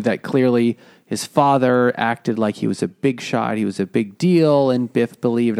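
A man's voice: on the low side, creaky, darkish tone, no room sound, studio quality. A man casually retelling a play's plot on a book-club podcast, rambling with restarts and acting out the characters' lines. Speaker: podcast co-host.

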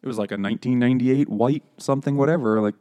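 A man's voice: mid-range voice, fast, mellow. A man co-hosting a podcast, rambling through a funny story and laughing as he acts out what people said. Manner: rambling anecdote, laughing, acting out quotes. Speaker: podcast co-host. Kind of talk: casual chat, storytelling.

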